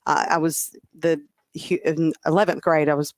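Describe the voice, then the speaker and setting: A middle-aged woman with a Southern US accent, a TV meteorologist chatting as a podcast guest and telling stories with lively asides. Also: sits low, normal speed, no room sound, clean studio sound. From Mississippi, US. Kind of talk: casual interview chat.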